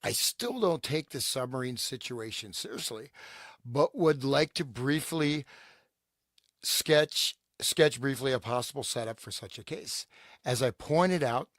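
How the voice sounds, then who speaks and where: A man's voice: medium pitch, lively intonation, fairly bright tone, no room sound, clean studio sound. A man co-hosting a podcast, joking with his friends and reading an old letter aloud. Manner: joking, laughs often, reads aloud with pauses. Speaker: podcast co-host. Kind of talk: casual podcast chat and reading a document aloud.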